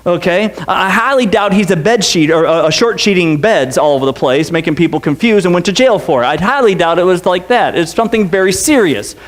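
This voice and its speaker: A man's voice: high voice, brisk, hardly any pauses. A man preaching a sermon in a church, telling the story with jokes and acting out the crowd and the characters. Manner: animated, joking storyteller who acts out the crowd and Pilate. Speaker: pastor. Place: church sanctuary.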